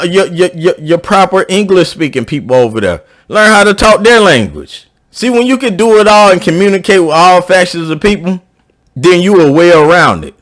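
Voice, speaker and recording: A man with a South Georgia accent, talking casually and at length to his viewers, rambling and restarting his sentences. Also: fairly bright tone. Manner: rambling, repeats and restarts, pitch rising when emphatic. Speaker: YouTube commentator. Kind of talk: casual opinion monologue.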